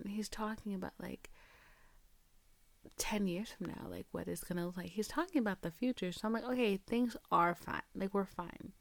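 Young woman podcast host, mid-pitched, casual storyteller who swears freely, dry close sound. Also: moderate pace, dry recording. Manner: chatty, profane, reenacts dialogue with quoted voices.

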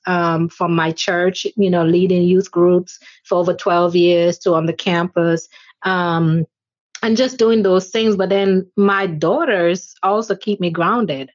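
A woman's voice: on the low side, dry recording. Woman, 40s, thoughtful interview guest, dry close sound. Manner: earnest, reflective, with frequent fillers. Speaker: organization chair, interview guest. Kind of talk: conversational interview answers. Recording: slightly dull lo-fi audio.

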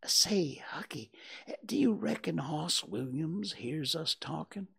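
A man voicing a nervous but brave young boy who talks in hushed, urgent whispers. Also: medium pitch, very animated, unhurried, gravelly, husky, exaggerated voice. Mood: uneasy.

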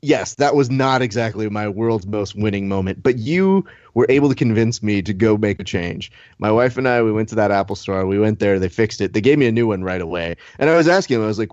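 Animated man telling a story, dry sound. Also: on the low side, fast talker, hardly any pauses, no room sound, dull audio. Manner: animated storytelling, swears, acts out quotes. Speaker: podcast co-host. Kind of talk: casual chat.

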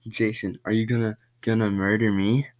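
A man's voice: fairly low pitch, little pitch movement, normal speed, a little mellow, close to an everyday voice. A man voicing a sensible girl who pleads with a friend who frightens her. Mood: frightened. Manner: pleading, alarmed.

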